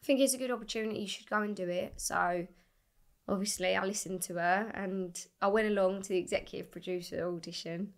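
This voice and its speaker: A young woman, a singer, telling her story in a casual interview, animated and swearing freely as she acts out what people said. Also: medium pitch, a little fast. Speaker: singer guest.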